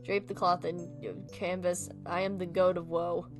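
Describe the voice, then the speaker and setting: A woman's voice: on the low side, level tone, moderate pace, music in the background, natural voice. A woman voicing a mournful, melodramatic goat who speaks in grand, old-fashioned laments. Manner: archaic, theatrical wailing delivery.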